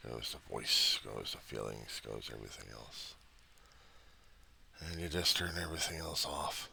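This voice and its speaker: A man's voice: rumbling low, a little slow, creaky, bright, forceful tone, husky. A man venting in a personal diary monologue, angry, rambling and profane. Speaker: diarist.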